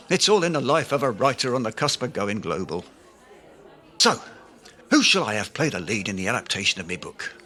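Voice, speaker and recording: An actor playing a pompous, self-deluded aspiring writer who blusters grandly in a comedy audio drama. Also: male voice, mid-range voice, pushed and bright. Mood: grumbling. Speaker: comic lead.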